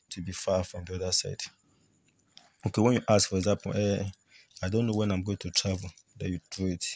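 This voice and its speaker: Gravelly low man explaining. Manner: repetitive, explanatory, pointing at shells. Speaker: spiritual teacher. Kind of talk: demonstrating cowrie reading.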